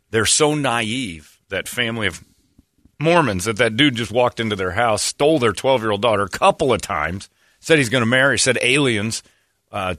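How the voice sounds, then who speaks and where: A man hosting a podcast, telling a story comically and animatedly, jumping into high, mocking shouts. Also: no echo, clean studio sound. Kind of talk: comedic storytelling.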